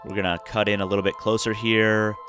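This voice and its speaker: Tired guy with a lowish voice doing laid-back game commentary, lots of uhs, faint music behind. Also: a little fast. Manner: relaxed, rambling, with many fillers and restarts. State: tired, yawning. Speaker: gameplay commentator. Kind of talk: casual let's-play commentary.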